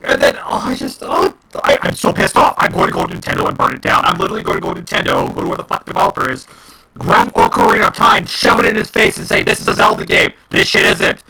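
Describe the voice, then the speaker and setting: Man, gaming podcast co-host, heated profane rant, high and very lively pitch, husky tone. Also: fast talker, low-quality recording. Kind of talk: casual gaming podcast chat.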